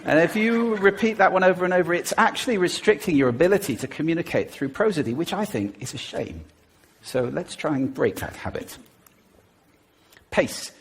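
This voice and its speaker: Animated man with a husky voice. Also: fairly high pitch, moderate pace. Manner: animated, demonstrates voice techniques. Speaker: public speaker. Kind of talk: stage talk.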